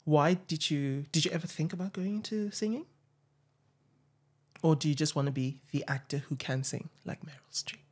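A woman interviewer asking questions and running a word game, softly encouraging her guest. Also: deep voice, normal speed, pauses often. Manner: soft, encouraging backchannels.

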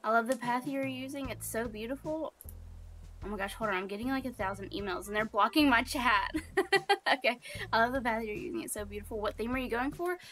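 Speaking briskly in a slightly high, fairly bright voice, a young Southern woman from Alabama chats with viewers during a casual gameplay livestream, faint music behind her. She's chatty, reads chat aloud, and uses lots of ums and likes.

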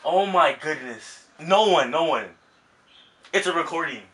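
A young man, a prank vlogger at home, keeps saying sorry between nervous laughs. His voice is bright and bouncy in pitch. He is caught from a distance in an echoey room. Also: animated, unhurried. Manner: apologetic, laughing, repeating himself. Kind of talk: casual prank vlog. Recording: roomy home audio, mic at a distance.

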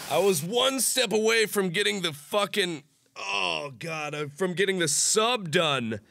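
A young man playing a horror game and commenting, sick and nauseous, swinging between shrieked curses and low, worn-out muttering. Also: creaky, noisy background. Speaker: gaming YouTuber. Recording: game music behind.

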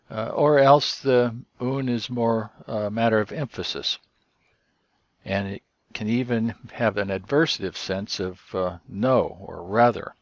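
A man teaching, who explains each point step by step in a measured way with frequent pauses. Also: fairly low pitch, no echo, muffled recording. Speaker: Greek teacher. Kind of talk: explanatory lecture.

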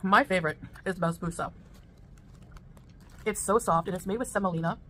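A woman in a casual eating vlog, describing each dish in a chatty, relaxed way and pausing to taste between remarks. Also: mid-range voice, slight background noise. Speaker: food vlogger.

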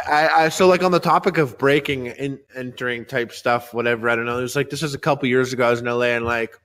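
A young man co-hosting a podcast, telling crude stories and ranting loudly with lots of swearing. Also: medium pitch, steady tone, fast. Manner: loud, rowdy, profane rants and storytelling. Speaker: podcast co-host. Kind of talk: crude casual podcast banter.

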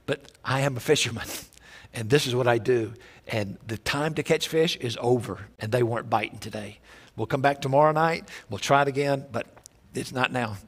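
A man voicing a tired, humble fisherman as a quoted figure in a sermon, speaking low and modestly. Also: moderate pace, breathy edge, close to an everyday voice. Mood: humble, weary. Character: weary adult male fisherman, humble and plain.

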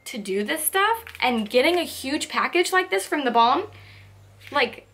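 A young woman beauty vlogger chatting casually through a makeup haul, gushing and excitable. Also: high voice, measured pace. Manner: gushing, excitable, lots of "like" and "so cute". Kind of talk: casual product haul chat.

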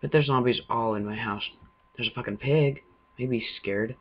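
Man gaming, husky voice, nervous profane play-by-play, dull lo-fi recording. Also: medium pitch, moderate pace. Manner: jumpy, swearing running commentary. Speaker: gamer. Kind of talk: let's-play commentary.

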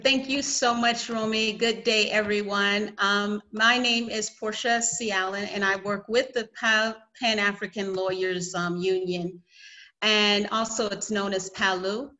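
A woman's voice: mid-range voice, fairly even intonation, a little slow, bright, forceful tone, low-quality recording. A woman with a Southern US accent moderating an online conference session over a video call, giving friendly, orderly reminders. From United States.

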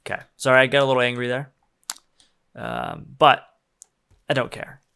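A young male game streamer comments casually on his own gameplay, swearing freely, laughing often, and getting worked up. His mid-range voice is creaky with a clean tone, and he keeps a moderate pace.

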